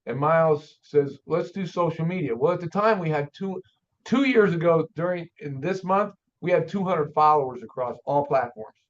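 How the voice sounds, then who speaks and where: An older man, an auto shop owner, telling a story in a folksy, animated way as a guest on an interview show. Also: on the high side, normal speed. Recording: dull lo-fi audio.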